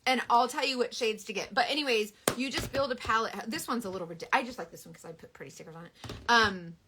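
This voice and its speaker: A woman's voice: fairly high pitch, very fast, noisy background. A woman in her thirties chatting casually and animatedly on a live beauty stream. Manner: animated, dramatic, Southern US sayings. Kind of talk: casual chat.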